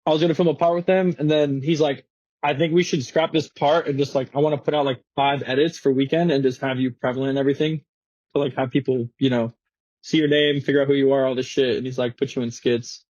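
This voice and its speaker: A man's voice: mid-range voice, steady tone, quick pace, darkish tone, no echo, dull audio. A young man in his twenties, a guest skateboarder telling stories in casual, slangy, swearing chat in a podcast studio. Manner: slangy, swearing, laughing storyteller.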